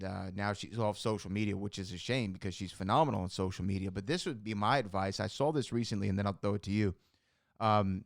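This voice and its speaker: Chatty animated podcast host, young man. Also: fairly low pitch, smooth, no room sound, clean studio sound. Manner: chatty, animated storytelling with frequent laughs and fillers. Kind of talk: casual podcast chat.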